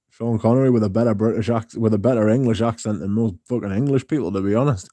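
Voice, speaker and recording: A man's voice: on the low side, fast, hardly any pauses, warm tone, dry recording, studio quality. A man hosting a livestream, reading live comments in casual chat, laughing often and swearing. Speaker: livestream host.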